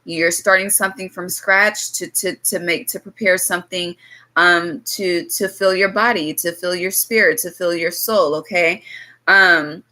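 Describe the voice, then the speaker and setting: A woman's voice: fairly low pitch, fairly even intonation, measured pace, sharp tone, low-quality recording. A woman giving a loose, casual tarot reading to her viewers, blunt and swearing freely, drifting into chatty asides. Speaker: tarot reader.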